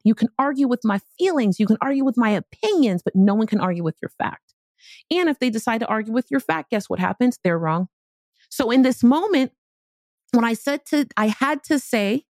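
A woman podcast host and business speaker telling a personal story in an animated, casual, slangy way. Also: fairly high pitch, fairly quick, dry recording, clean studio sound. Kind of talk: storytelling motivational talk.

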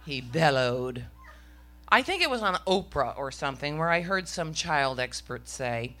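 A woman's voice: low-pitched, big pitch swings, unhurried, a bit bright. A middle-aged woman telling a story on stage to a live audience, with a wry, self-mocking comic delivery.

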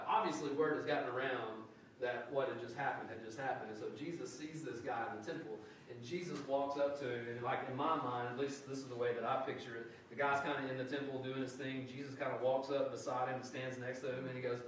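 A man preaching a sermon, reading verses aloud and riffing on them in an animated, conversational way. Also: mid-range voice, moderate pace, a little hiss or hum. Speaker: pastor. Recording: echoey hall, mic at a distance.

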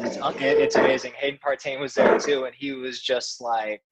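A young man, a soccer player, telling stories as a podcast guest in a relaxed way, full of fillers and restarts. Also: mid-range voice, normal speed, loud music behind the voice, low-quality recording. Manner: relaxed storytelling with many fillers. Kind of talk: casual interview chat.

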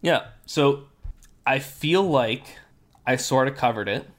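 A man hosting a casual podcast chat, explaining things in a relaxed way with many fillers while his voice is going hoarse. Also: mid-range voice, slow. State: losing his voice. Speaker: podcast host.

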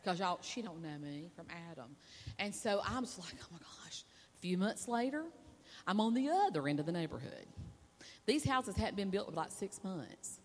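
A woman's voice: mid-range voice, big pitch swings, normal speed. A woman, a preacher's wife, delivering a sermon in a chatty, conversational way with asides to the audience. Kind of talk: sermon with personal storytelling. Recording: long reverb of a large hall.

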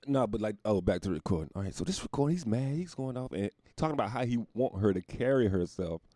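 Male comedian, low and mellow, swings his pitch all over, profane rambling monologue; dry close sound. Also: expressive, fast, dry recording. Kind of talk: casual podcast monologue.

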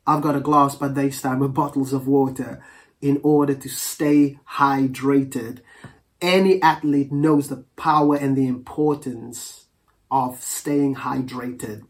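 A preacher giving a Pentecostal sermon, reading scripture slowly and praying aloud in an earnest, measured cadence, and calling on the congregation to respond. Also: medium pitch, darkish tone.

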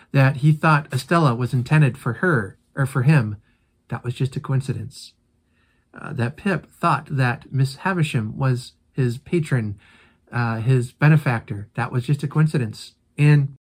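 A man's voice: medium pitch, darkish tone. A male host walks his audience through a classic novel in a casual commentary. He retells each scene animatedly and reacts to it as he talks.

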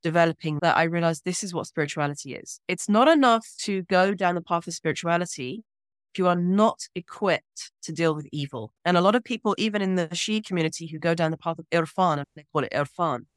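A woman from Britain, a guest scholar speaking in a measured, earnest way with deliberate pauses in an interview. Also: lowish voice, no room sound, clean studio sound. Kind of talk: reflective interview talk.

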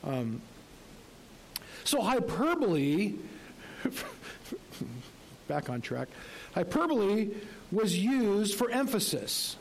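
A man's voice: high voice, very animated, takes it slowly, a little hiss or hum, rough recording. A male pastor preaching a sermon in a conversational way, with rhetorical questions and light humor.

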